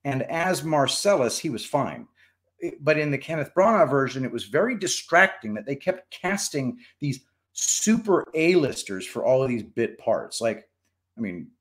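Rambling, animated male streamer. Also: medium pitch. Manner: rambling, opinionated, animated, swears, frequent restarts. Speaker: streamer host reading chat. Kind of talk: casual live-stream chat.

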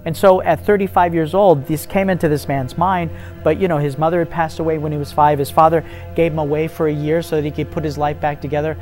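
A man's voice: a little high, fairly even intonation, fast, darkish tone, faint music behind. A man in a faith interview, telling a story earnestly and acting out the dialogue with rising intensity. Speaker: ministry guest telling a testimony.

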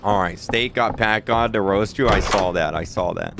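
A man's voice: fairly low pitch, moderate pace, gravelly, background noise. A young man with an Australian accent, chatting casually on a gaming stream while he reads out messages from chat. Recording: game music under the voice.

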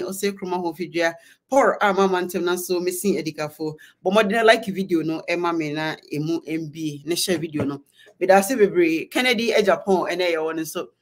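A woman with a Ghanaian accent hosting a live online show, giving emphatic political commentary, switching between Twi and English and repeating words for force. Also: mid-range voice. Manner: mixes Twi and English, greets viewers by name.

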